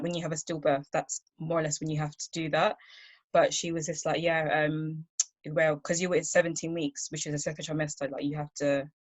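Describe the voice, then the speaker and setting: A woman with a low voice speaks softly and haltingly, often pausing and restarting her sentences. She tells her own story over a video call. The sound is dry and close. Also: dry recording. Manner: soft, halting, full of fillers and restarts. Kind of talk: personal testimony on a video call.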